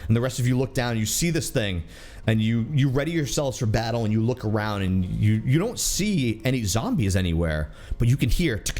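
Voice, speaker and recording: A man running a tabletop game as dungeon master, narrating scenes in a playful, lively storytelling manner. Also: medium pitch, brisk, soft background music.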